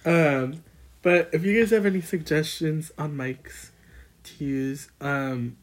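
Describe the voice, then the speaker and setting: A woman's voice: sits low, slow pace. A young woman in her twenties co-hosting a casual podcast, blunt and full of fillers, recorded on a built-in laptop mic. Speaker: podcast co-host. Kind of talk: casual chat.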